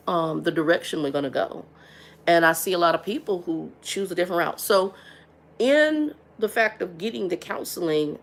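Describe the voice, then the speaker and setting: Middle-aged woman host, gravelly and frank, livestream chat, repeats herself. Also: on the low side. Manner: frank and blunt, stumbles and repeats words.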